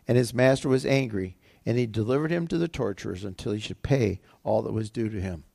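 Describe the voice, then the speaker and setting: A man's voice: medium pitch, lively intonation, a little fast, creaky, darkish tone, no room sound, clean studio sound. A male pastor preaching a sermon, retelling scripture in a conversational, everyday way.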